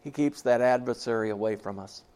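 A man's voice: medium pitch, a little fast, darkish tone, smooth. Pastor guy preaching, earnest storyteller, says the big lines twice, regular mid voice. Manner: storytelling, earnest, repeats key phrases. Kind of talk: sermon.

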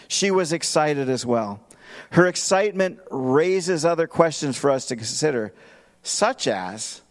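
A man preaching a verse-by-verse expository sermon as pastor, emphatic and posing rhetorical questions to his listeners. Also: a little high.

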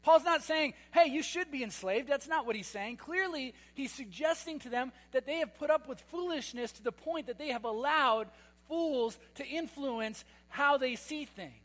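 Very high-pitched guy preaching, lots of repeats, sarcastic bits, big hall echo and a hum. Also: moderate pace, a bit bright. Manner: emphatic, repetitive, sarcastic asides. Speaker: pastor. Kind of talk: sermon. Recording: long hall reverb with mains hum.

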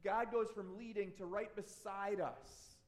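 A man's voice: high-pitched, steady tone, a little slow. A man preaching a sermon, earnest and conversational, often restarting his phrases. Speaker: pastor.

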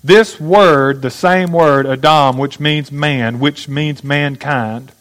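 A man's voice: a little high, takes it slowly, fairly bright tone, low-quality recording. A man preaching a sermon, teaching step by step and asking his listeners questions. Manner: teaching, asks the audience questions. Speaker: pastor.

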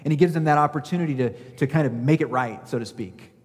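A man's voice: on the high side, fast talker. Man, pastor, sermon, emphatic, rhetorical questions, reverberant church hall. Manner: emphatic, asks rhetorical questions, acts out scripture quotes.

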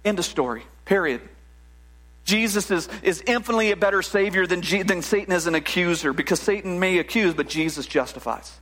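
Preaching a sermon at a slightly quick pace, a high-voiced male pastor sounds animated and conversational. He often restarts his sentences and slips in "right?" asides.

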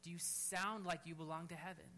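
A man preaching a sermon at a church service, fervent and urging, dropping to a quiet, gentle tone to lead prayer. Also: a little high, fairly even intonation, fairly quick, a little hiss or hum. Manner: fervent, rising to near-shouts on bold exhortations, then quiet and gentle in prayer. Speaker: pastor.

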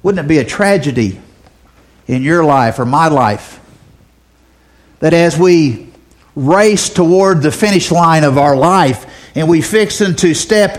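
A man teaching a Bible lesson, telling a folksy story and often repeating words as he talks. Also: on the high side. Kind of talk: sermon.

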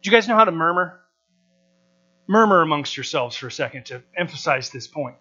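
A man's voice: a little high, lively intonation, brisk, sharp tone, husky. An American man preaching a sermon to a live audience, emphatic and full of rhetorical questions, on a dull lo-fi recording with mains hum. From United States.

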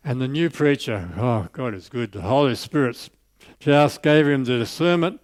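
A man preaching a sermon and easing into a story. His voice sits at an ordinary middle pitch and sounds dry and close, with no room around it. He climbs high and loud on scripture, then drops soft on the lines he wants to land. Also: moderate pace, no echo. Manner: storytelling, rising emphatic on scripture, dropping soft on key lines.

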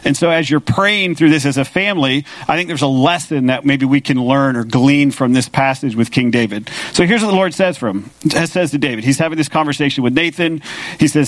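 A man's voice: fairly high pitch, a little fast, no echo. A man preaching a sermon as pastor, talking casually and with animation, paraphrasing scripture in an everyday voice.

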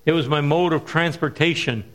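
A middle-aged man preaching at a missions conference, telling stories and stressing key words slowly. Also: a little high, a bit bright. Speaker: missionary speaker. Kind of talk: sermon with storytelling.

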